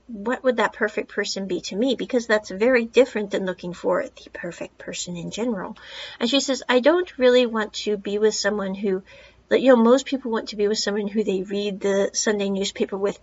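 A woman's voice: mid-range voice, slightly rough. Woman podcast host, casual film reviewer, rambling asides, muffled lo-fi recording. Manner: chatty, rambling retelling with asides.

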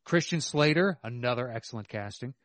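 Measured, hesitant man in dry room. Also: mid-range voice, expressive, fairly bright tone, no echo. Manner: measured, hesitant, full of fillers. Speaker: podcast co-host. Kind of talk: casual movie chat.

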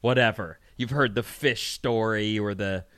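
A man's voice: on the low side, unhurried, fairly bright tone, smooth, no echo, studio quality. A man co-hosting a radio talk show, bantering and telling stories in a wry, casual way.

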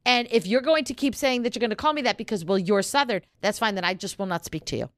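A woman's voice: mid-range voice, fast, no echo, studio quality. A woman from New York co-hosting a podcast, talking in a blunt, opinionated way and swearing freely. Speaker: podcast co-host. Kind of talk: casual chat.

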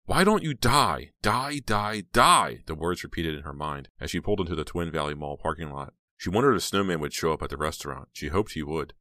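Very deep-voiced male audiobook narrator. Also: fast, hardly any pauses, a bit bright, no room sound, clean studio sound. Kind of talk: scripted narration.

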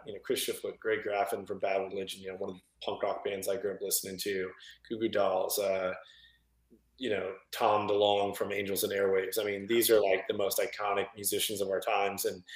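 A man being interviewed as a film director, telling stories in a loose, animated way with lots of fillers and laughter. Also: on the low side, reverberant, poor audio. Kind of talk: casual storytelling interview.

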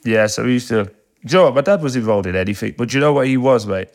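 A man's voice: mid-range voice, very fast. A man, telling stories from his past in a casual interview, swearing freely and acting out other people's voices when he quotes them. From England. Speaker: guest, football captain.

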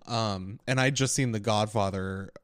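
A young man co-hosting a podcast, telling a story in casual chat, animated and full of filler words, acting out the quotes. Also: fairly low pitch, unhurried. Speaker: podcast co-host.

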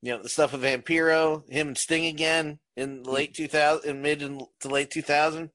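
A man co-hosting a wrestling podcast, talking as an eager fan in quick bursts. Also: a little high, steady tone, fairly bright tone, no echo. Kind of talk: casual chat.

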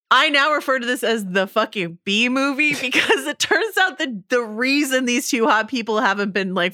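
A woman's voice: medium pitch, sharp tone, no echo, studio quality. A woman co-hosting a podcast in casual chat, enthusiastic, laughing often and swearing freely. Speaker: podcast co-host.

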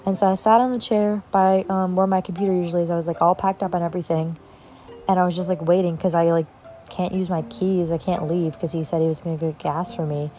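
Talking fast over soft background music, the young host spins a personal story in a lowish, steady, dark voice. She drops "like" constantly, swears freely, and acts out other people's lines.

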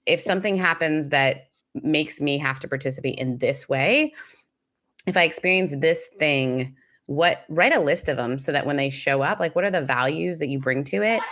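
A woman co-hosting a casual chat, measured and reflective as she gives advice. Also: deep voice, animated, a bit bright.

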